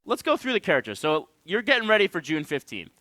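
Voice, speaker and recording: A man with a bright, forceful voice runs the play-by-play of an esports match, energetic and jokey as he leads each segment. His voice sits a little high, and the recording is dry. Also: quick pace, no room sound. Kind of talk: esports commentary.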